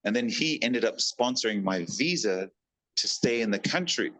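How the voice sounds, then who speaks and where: A man's voice: medium pitch, moderate pace, low-quality recording. A man with a New Zealand accent, a podcast guest telling casual stories and acting out the people in them. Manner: animated, acts out quoted people in lively voices. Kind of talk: casual storytelling.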